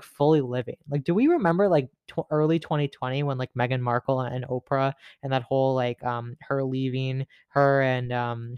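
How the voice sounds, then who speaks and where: A man's voice: medium pitch, a little mellow, smooth, no echo, clean studio sound. A man in his late teens hosting a solo podcast, chatting in a rambling, profane way, full of filler words and giggles. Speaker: podcast host. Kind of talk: casual solo podcast chat.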